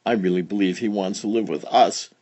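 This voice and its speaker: A man reading a children's storybook aloud, voicing an eager, tender little girl in a high, pleading voice. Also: fairly even intonation, a little fast, warm tone, no echo, natural voice.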